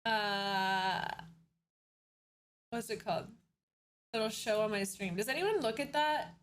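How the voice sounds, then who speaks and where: A woman's voice: medium pitch, takes it slowly. A young woman streaming live from home, chatting casually with viewers, greeting them and laughing often.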